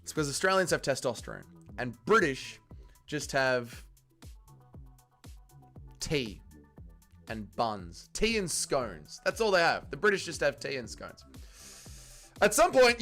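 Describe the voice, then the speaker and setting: A man's voice: fairly high pitch, fairly bright tone. A man hosting a casual watch-along livestream, reading chat aloud and joking crudely, swearing freely. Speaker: livestream host.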